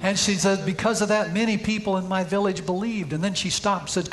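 High-pitched male preacher, storytelling sermon with emphatic peaks, church setting. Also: fairly even intonation, brisk, a bit bright. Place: church sanctuary.

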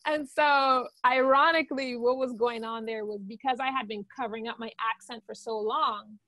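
A woman's voice: on the high side, steady tone, normal speed, pushed and bright, no room sound. A woman with a Guyanese accent speaks in a slightly raised register, sharing her own experience in a candid, reflective way. The recording is dry, with no room sound. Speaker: guest songwriter. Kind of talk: podcast interview.

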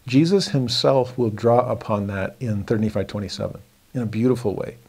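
A man teaching a verse-by-verse scripture study in a reflective, earnest way, dropping to soft emphasis on key points. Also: medium pitch, vocal fry, slightly rough.

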